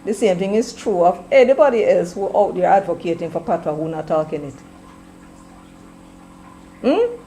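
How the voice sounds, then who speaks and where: A Jamaican woman hosting casual commentary, chatty, slipping between patois and English, her throat a little hoarse. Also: on the low side, mellow, slight background noise, low-quality recording. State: slightly hoarse, clearing throat. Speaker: commentary channel host.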